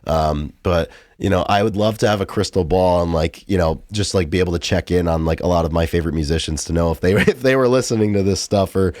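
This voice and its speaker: A man's voice: low voice, quick pace, few pauses, darkish tone, dry recording, clean studio sound. A man co-hosting a casual music podcast, rambling and enthusiastic, full of fillers. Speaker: podcast co-host.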